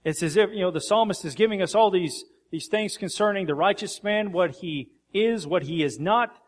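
Emphatic preacher with a higher voice. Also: male voice, brisk. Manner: emphatic, rhetorical questions. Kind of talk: sermon.

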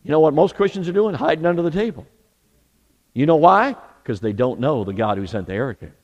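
A man's voice: on the high side, lively intonation, brisk, a little mellow, dull audio. A man preaching a sermon as pastor, emphatic, asking the congregation rhetorical questions. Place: church sanctuary. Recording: long reverb in a church hall.

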